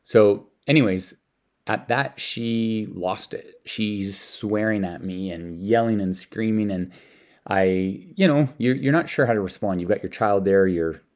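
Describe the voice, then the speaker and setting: A man's voice: lowish voice, measured pace, a little mellow. A man from Canada telling personal stories about lessons with his young son, rambling with many restarts. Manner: rambling, with frequent repeated words and restarts. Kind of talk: casual storytelling.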